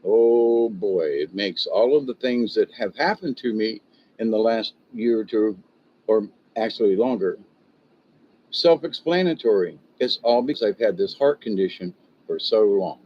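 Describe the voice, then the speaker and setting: Older male livestream host venting in a rambling, frustrated way, caught on dull, low-fidelity audio. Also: animated, measured pace, slight background noise. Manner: frustrated, rambling, self-interrupting. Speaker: livestream host reading viewer comments.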